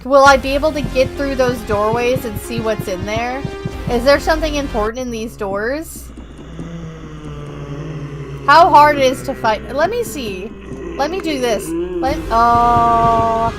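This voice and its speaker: A woman's voice: a little high, measured pace, rough recording. A young woman streamer chatting casually while she plays, bubbly and self-deprecating. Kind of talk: casual gameplay chat. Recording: game music underneath.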